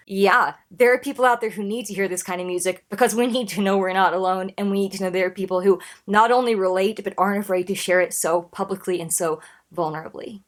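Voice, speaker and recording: A woman's voice: mid-range voice, quick pace. A woman in her thirties giving casual reaction commentary in an earnest, emotional way, often restarting her sentences. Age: 30s. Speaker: reaction video host.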